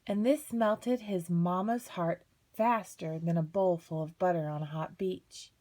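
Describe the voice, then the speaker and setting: A woman reading a children's picture book aloud, switching into higher voices for the characters. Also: measured pace. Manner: animated, voices characters with high pitch leaps. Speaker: storybook reader.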